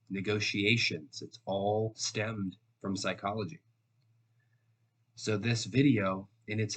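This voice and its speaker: A man with a nasal voice after a recent illness, giving an earnest, measured lesson on trading psychology to camera. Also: deep voice, fairly bright tone. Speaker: trading educator.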